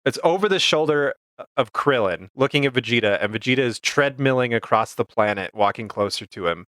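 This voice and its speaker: An easygoing man co-hosting a casual podcast, his voice at an ordinary middle pitch. He retells scenes plainly and chimes in with short agreeing replies. The sound is close and dry, with no room echo. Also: expressive, fairly quick, fairly bright tone. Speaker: podcast co-host.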